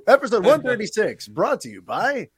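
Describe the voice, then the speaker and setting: A man's voice: high voice, normal speed, a crowd in the background. A man hosting a podcast, talking casually and animatedly with plenty of fillers. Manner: animated, chatty, lots of fillers. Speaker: podcast host.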